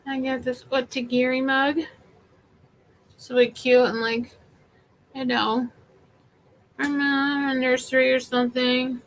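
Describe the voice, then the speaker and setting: A woman's voice: high-pitched, flat delivery, slow, pauses often, low-quality recording. A woman chatting casually through a live thrift haul, rambling with many fillers. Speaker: vintage seller vlogger.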